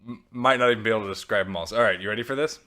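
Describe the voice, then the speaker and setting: A man's voice: lowish voice, rapid-fire, bright, forceful tone. A man hosting a podcast in casual chat, rambling and correcting himself as he runs through upbeat plugs. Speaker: podcast host.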